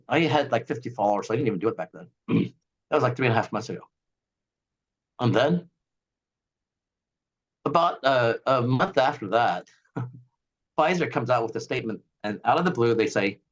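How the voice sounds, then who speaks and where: A man who is a guest on an interview, talking in an animated, ranting way and acting out the voices of others. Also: mid-range voice, normal speed, long pauses, dull audio. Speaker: guest, eye surgeon. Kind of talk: casual interview talk.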